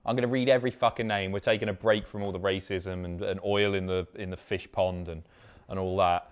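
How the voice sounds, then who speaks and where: A man's voice: sits low, steady tone, a little fast, clear, resonant tone. A man hosting a casual reaction stream, chatty and sweary as he reads out viewer names.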